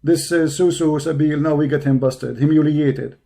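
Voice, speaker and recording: Male host, strained hoarse voice, somewhat high and mellow, confrontational taunting delivery on a live stream. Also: steady tone, moderate pace. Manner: taunting, confrontational, repetitive insults. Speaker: online debate show host. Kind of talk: heated polemical monologue. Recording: live stream over a poor connection.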